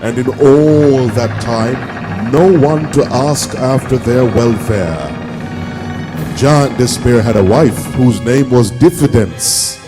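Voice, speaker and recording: A man narrating a play as a storyteller, steady with occasional fillers. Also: medium pitch, slow pace, in a large hall, music in the background.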